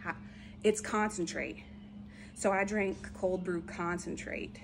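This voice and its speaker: A woman reselling returns, chatting excitedly to viewers as she unboxes, over-caffeinated and talking a mile a minute. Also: lowish voice, takes it slowly, vocal fry, heavy background noise. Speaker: reseller vlogger. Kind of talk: casual unboxing vlog.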